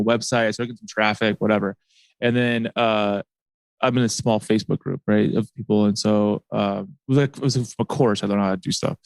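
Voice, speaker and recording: A man's voice: on the low side, no room sound. A man hosting a podcast, telling a long personal story in a casual, rambling way, packed with fillers and asides. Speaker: podcast host.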